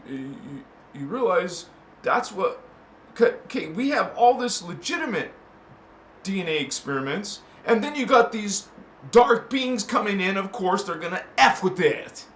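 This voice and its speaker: Man shouting about spiritual war. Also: fairly high pitch, vocal fry. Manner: rambling, swings from hushed musing to shouting. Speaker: spiritual channel host. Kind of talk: impassioned spiritual talk. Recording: echoey room with faint noise.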